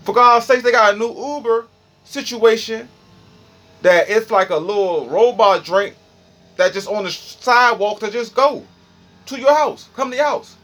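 A man's voice: high-pitched, unhurried, fairly bright tone. A young man with a Washington, D.C. accent, rambling profanely and animatedly through a freestyle monologue. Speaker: streamer.

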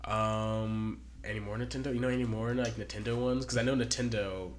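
A man's voice: lowish voice, steady tone, slight background noise. A man co-hosting a casual podcast, rambling and joking as he talks. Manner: rambling, joking, quick to laugh. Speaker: podcast co-host. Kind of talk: casual chat.

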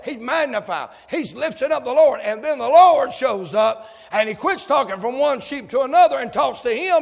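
A male preacher, delivering a fervent sermon that swings from hushed tones to shouts. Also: extremely high pitch, animated, normal speed, gravelly, hardly any pauses, big-room sound.

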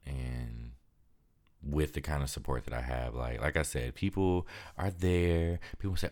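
A young man with a very deep, low voice talks straight into his podcast mic, worn out and depressed. His words come blunt and frustrated, heavy with swearing and fatigue. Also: a little slow, darkish tone. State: exhausted and depressed. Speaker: podcast host. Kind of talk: candid monologue.

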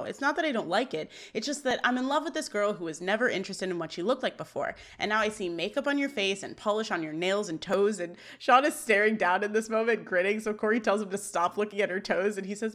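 A woman's voice: medium pitch, fast. A woman co-hosting a podcast, animatedly retelling a sitcom scene and quoting the characters with laughs. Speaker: podcast co-host. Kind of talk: casual recap chat.

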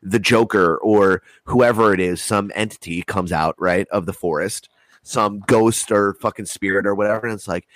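A man's voice: on the low side, normal speed, no echo. A man telling a long story in casual chat, rambling and swearing a lot. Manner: rambling, heavy swearing, animated retelling.

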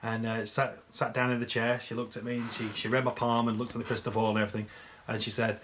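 A man's voice: medium pitch, fairly even intonation, fast, fairly bright tone. A young man co-hosting a casual chat, jokey and rambling, often laughing at himself. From Ireland or England. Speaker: podcast co-host.

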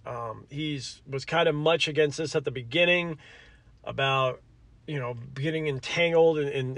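A man's voice: a little high, fairly bright tone, no room sound. A man hosting a podcast in casual solo commentary. He rambles, corrects himself mid-sentence, swears, and apologizes often. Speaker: podcast host.

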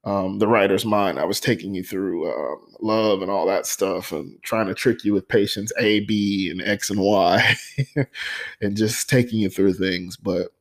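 A young man with a fairly low voice reads his own unfinished poem, then talks about it with heartfelt sincerity. He slows down often and fills the pauses with ums. His voice carries visible emotion. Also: fairly even intonation. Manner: earnest and heartfelt, pausing with frequent ums. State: emotional, voice catching. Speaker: poet reading his own work. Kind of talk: personal poetry reading with reflective talk.

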